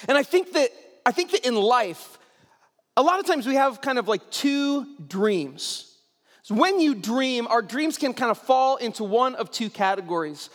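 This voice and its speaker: A man's voice: very high-pitched, lively intonation, measured pace. A young adult man preaching a sermon, telling the story casually and animatedly as a pastor. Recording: long reverb in a large hall.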